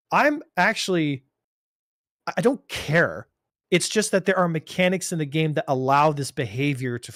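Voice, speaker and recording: A man co-hosting a casual gaming podcast, telling stories in an animated, rambling way with many restarts. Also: on the high side, no room sound, clean studio sound. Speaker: podcast co-host.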